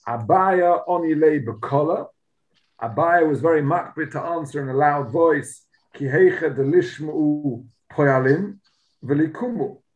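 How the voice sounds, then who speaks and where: Guy giving a talmud class, kinda high voice, explains every line with punch. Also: measured pace, darkish tone, dull audio. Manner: explains Aramaic text line by line in English, emphatic. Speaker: Talmud teacher. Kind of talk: Talmud lesson.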